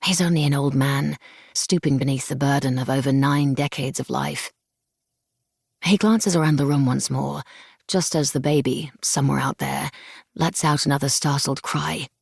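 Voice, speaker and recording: A woman narrating a novel in first person, measured and hushed, on a close studio mic. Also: rumbling low, steady tone, creaky, husky, no echo. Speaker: audiobook narrator. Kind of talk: scripted narration.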